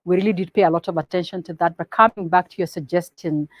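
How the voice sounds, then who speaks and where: A woman with a Kenyan accent giving a business presentation to partners. She switches between English and Swahili mid-sentence and speaks in a measured, instructive way. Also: fairly low pitch, fairly even intonation, no echo. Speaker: company presenter.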